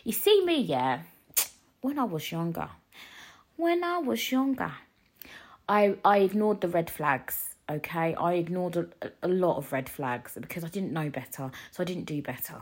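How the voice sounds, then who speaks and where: A woman, ranting in a casual solo podcast, animated and rambling with frequent laughs. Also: on the low side, normal speed. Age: 20s. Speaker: podcast host.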